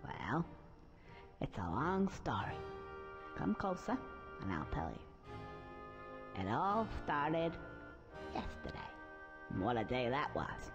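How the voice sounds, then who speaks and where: A man's voice: medium pitch, huge pitch swings, takes it slowly, pauses often, dull audio, heavily acted. An actor playing a cheeky young male squirrel who rambles through a story and mumbles groggily after drinking, in a video game. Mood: storytelling. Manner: chatty storyteller, slurring and groggy when drunk. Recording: game audio with music behind.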